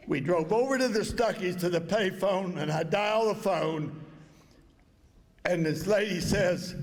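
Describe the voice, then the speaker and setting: An older man with a drawl tells a story in a plain, folksy way, and his voice sits high for a man. He is speaking over a PA in a banquet hall, and the sound carries a long, ringing echo. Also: moderate pace. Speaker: inductee giving a speech. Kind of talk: storytelling speech at an awards dinner.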